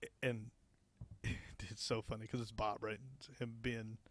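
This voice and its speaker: A young man co-hosting a podcast tells a work anecdote in a lowish voice with little pitch movement, at normal speed and with no echo. The storytelling chat is laid-back, full of swearing and laughter.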